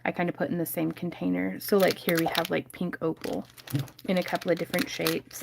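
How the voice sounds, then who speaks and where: A woman's voice: fairly low pitch, little pitch movement, brisk, gravelly, noisy background. A woman hosting a casual crafting livestream from home, chatting and laughing often as she reads viewers' comments.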